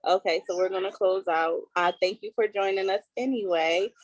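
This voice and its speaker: A woman's voice: mid-range voice, fairly even intonation, moderate pace. A woman hosts a casual chat over a video call, speaking earnestly and with emphasis. The sound is dry and close, with no room echo. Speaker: host.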